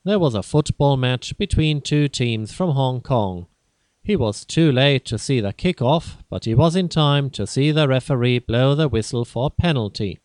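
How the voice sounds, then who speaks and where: A man narrating a simple graded-reader story in a slow, careful, even way. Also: medium pitch, dry recording.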